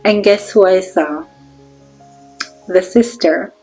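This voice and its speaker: A woman's voice: medium pitch, slow, warm tone, breathy edge, soft background music, low-quality recording. A young Jamaican woman narrating a storytime vlog in a chatty way, talking straight to her viewers. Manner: chatty, addresses viewers directly. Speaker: vlogger.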